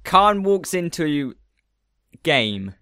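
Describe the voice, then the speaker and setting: A man's voice: fairly high pitch, big pitch swings, extremely slow, bright, forceful tone, smooth, dry recording, studio quality. A man co-hosting a casual podcast, chatty and laughing, with loose, casual swearing. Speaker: podcast co-host. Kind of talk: casual chat.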